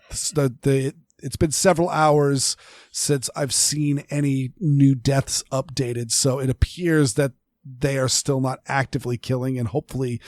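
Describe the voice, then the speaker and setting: A man's voice: mid-range voice, a little mellow, no room sound. Rambling man, dry podcast mic. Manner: rambling, many restarts and fillers. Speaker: podcast co-host. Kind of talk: casual chat.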